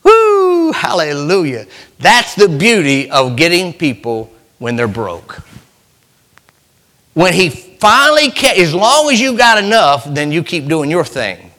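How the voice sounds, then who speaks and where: A man preaching a sermon in a church, swinging from loud cries to hushed, near-whispered lines. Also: a little high, big-room sound. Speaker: pastor.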